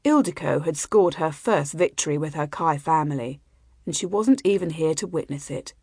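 A woman's voice: sits low, normal speed, darkish tone, breathy edge, dry recording. Woman narrating an audiobook, dry and close. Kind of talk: scripted narration.

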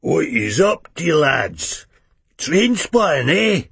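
A man voicing a cackling old Scottish drunk with a rasping, slurred Scottish voice. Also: on the high side, sing-song, slow pace, fairly bright tone, no echo, pitched above the performer's own voice, heavily acted. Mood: mocking.

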